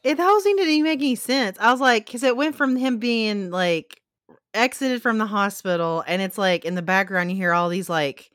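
A woman's voice: medium pitch, brisk, fairly bright tone, no room sound, clean studio sound. A woman co-hosting a casual chat, talking in an incredulous, chatty way. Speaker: podcast co-host.

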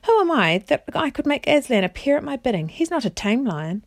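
A woman's voice: high voice, big pitch swings, fairly quick, dry recording, studio quality, pitched above the performer's own voice, full character voice. A woman voicing a noble young king in a storybook read-aloud, speaking with solemn, indignant formality. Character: stern young male king, noble and commanding.

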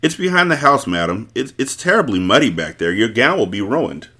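A man reading aloud, voicing a shy young farm boy who speaks softly and hesitantly. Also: medium pitch, very animated, fairly quick, breathy edge, full character voice.

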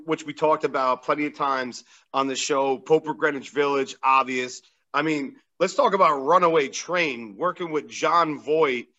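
A man's voice: fairly high pitch, sharp tone. A male podcast host talking in a casual interview, enthusiastic and full of praise, often laughing. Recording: dull lo-fi sound.

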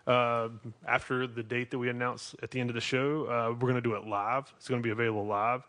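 This North Carolina man hosts a wrestling podcast in a casual, rambling way, frequently restarting sentences in his Southern US accent. He speaks quickly at a medium pitch with little movement and a fairly bright tone.

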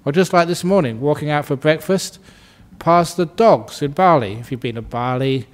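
A man who is a Buddhist monk, giving a gentle, humorous dharma talk, chuckling often and repeating soothing phrases. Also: a little high, moderate pace.

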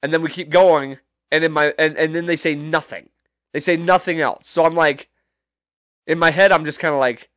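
A man's voice: fairly high pitch, fairly even intonation, normal speed, fairly bright tone, dry recording, studio quality. A man hosting a podcast, telling a story in a rambling, profane, incredulous way with many restarts. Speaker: podcast host. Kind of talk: casual storytelling monologue.

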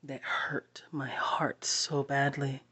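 A woman sharing a personal story to camera, halting and heartfelt, with long pauses. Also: very deep voice, flat delivery, pushed and bright, husky, in a whisper.

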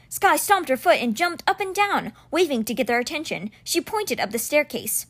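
Woman reading a novel aloud, expressive, lively pitch, fairly high voice. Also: normal speed, hardly any pauses. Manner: expressive storybook narration. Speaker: audiobook reader.

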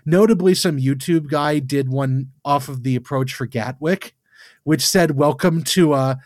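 A man's voice: a little high, measured pace, dry recording. A man co-hosting a podcast in casual chat, dry and matter-of-fact as he reads out scores and nitpicks. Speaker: podcast co-host.

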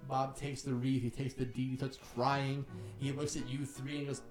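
A man's voice: medium pitch, little pitch movement, moderate pace. A man narrates a comedic tabletop game as game master, joking and laughing and swearing freely. His voice sits in a roomy, echoey space with faint music behind it.

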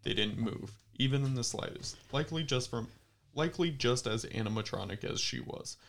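A man's voice: medium pitch, a little fast, gravelly. A man reading a creepy story aloud for a comedy podcast, stopping now and then to joke with friends. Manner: reads steadily, breaks off to joke with friends. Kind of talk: dramatic story reading with joking asides.

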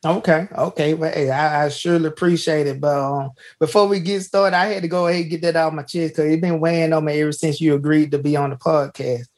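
A man hosts a podcast in a casual, folksy storytelling way. His voice sits a little higher than most men's. He keeps saying "hey" and restarts his sentences. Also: steady tone, fast, hardly any pauses, darkish tone. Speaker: podcast host.

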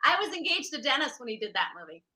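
An older woman chatting as a panel guest in a casual, animated, laughing way over a video call. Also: high voice, fast talker.

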